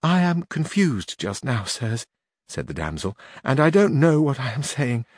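A bashful young noblewoman pours out her troubles in a tearful, pleading voice, as a male reader puts her on. Her voice sits well above a man's usual speaking pitch. The sound is dry and close. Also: big pitch swings, measured pace, dry recording. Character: weeping young noblewoman in disguise, shy.

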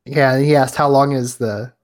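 A man co-hosting a podcast in a casual chat, relaxed, asking questions and giving short agreeing replies. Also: medium pitch, moderate pace. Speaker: podcast co-host.

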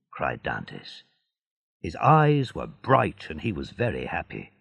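Slow gravelly male storyteller. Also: low-pitched, wildly swooping pitch, a bit bright, dry recording, highs cut off. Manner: slow, deliberate reading. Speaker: narrator. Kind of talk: storybook narration.

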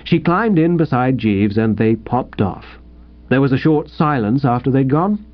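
A man reading a comic story aloud in an expressive, animated narration, in a dull lo-fi recording. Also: medium pitch, measured pace. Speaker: audiobook narrator.

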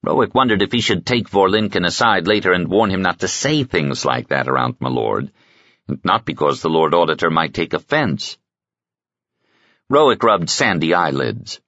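A man narrating an audiobook in a measured, expressive reading on a close mic. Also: low voice, dry recording, dull audio.

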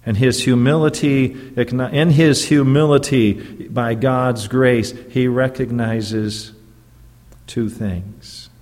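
A man's voice: mid-range voice, fairly even intonation, slow pace, darkish tone, in a large hall. A man who is a pastor preaching a sermon in an earnest, emphatic way, often stopping to check in with the congregation through rhetorical questions.

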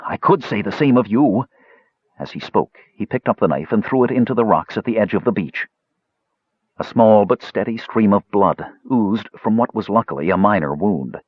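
A man narrates a fantasy audiobook with a low, husky voice. His reading is measured but lively in pitch. The recording is dry and dull, like lo-fi audio. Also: no echo. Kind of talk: scripted narration.

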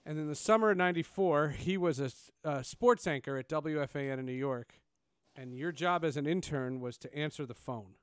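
A man's voice: a little high, a little fast, clear, resonant tone, dry recording, clean studio sound. A man, hosting a casual interview and telling stories with lots of fillers and restarts. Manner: animated storyteller, many fillers and restarts. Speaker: podcast host.

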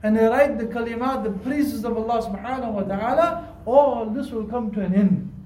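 A man's voice: very high voice, moderate pace, warm tone. A man giving a Friday sermon as imam in a mosque, earnest and repetitive, weaving in Arabic and Urdu phrases. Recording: echoey hall, distant mic.

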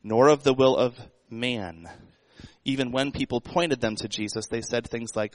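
A man's voice: mid-range voice, moderate pace, dry recording, low-quality recording. A man preaching a sermon in a conversational way, asking the congregation rhetorical questions. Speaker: pastor.

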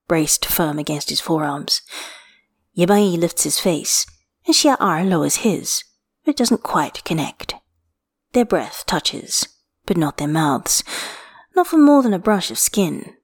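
Woman narrator, slightly low pitch; unhurried, intimate fiction reading. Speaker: reader.

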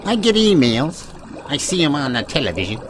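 A man's voice: on the high side, very animated, moderate pace, fairly bright tone, slight background noise. A man hosting a mock news broadcast in a hammy, rambling, folksy announcer manner. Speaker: comedy news host.

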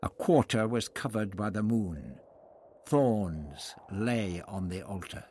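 A male narrator reads an adventure story aloud in an expressive, dramatic way. His husky voice moves slowly and rises and falls in a lively way. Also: on the low side. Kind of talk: audiobook narration.

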